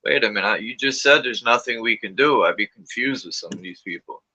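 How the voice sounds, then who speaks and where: A man's voice: on the low side, expressive, brisk, sharp tone. A man hosting a casual livestream, telling stories and acting out quotes from people with sudden jumps in his voice. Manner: storytelling, acts out quotes with big voice jumps, swears. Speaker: livestream host. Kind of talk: casual chat. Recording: muffled livestream audio.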